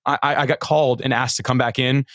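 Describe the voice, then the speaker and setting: A middle-aged man talks fast as a podcast guest, his story tumbling out with eager repeats and restarts. His voice sits at an ordinary pitch and sounds close and dry. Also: no room sound. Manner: animated, earnest, frequent repeated starts. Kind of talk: conversational storytelling.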